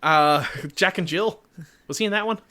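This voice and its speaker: A man's voice: high voice, normal speed, pushed and bright. A man co-hosting a comedy podcast, rambling through a silly movie recap with lots of fillers and goofy quoted voices. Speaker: podcast co-host.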